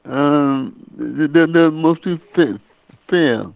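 Older guy on a phone line, gravelly, keeps repeating words, a reverend telling his story. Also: a little high, dry recording. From Bahamas. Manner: halting, repeats words often. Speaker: guest author and reverend. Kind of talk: casual interview storytelling.

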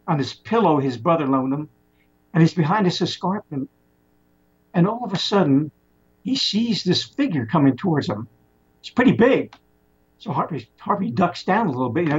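A man's voice: fairly high pitch, slightly rough. A man telling a long story in a casual, rambling way, often restarting his words, on a muffled lo-fi recording. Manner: rambling, animated retelling with many restarts.

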